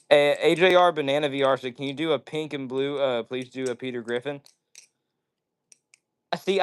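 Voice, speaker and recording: A man hosting a casual livestream, chatting with viewers and rambling and apologizing often. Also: mid-range voice. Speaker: livestream host.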